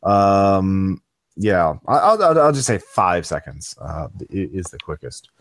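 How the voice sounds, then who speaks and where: A man's voice: sits low, very animated, slow pace, no echo. A man chatting casually as a podcast guest, rambling with many restarts and fillers. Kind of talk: casual chat.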